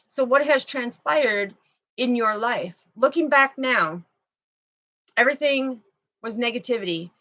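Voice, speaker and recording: A woman with a slightly high voice reads oracle cards live for her online viewers. She speaks slowly and meanders from point to point in a casual, chatty way, talking to them as if they were right there. Her delivery is unhurried and personal. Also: sharp tone, highs cut off. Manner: slow, meandering, chatty, talks to viewers and a fly. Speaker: spiritual card reader. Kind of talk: live oracle card reading.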